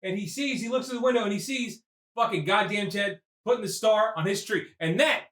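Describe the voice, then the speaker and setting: A man recapping a movie for laughs, rambling and swearing, breaking into shouted impressions. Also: high-pitched, a little fast, reverberant. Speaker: podcast host.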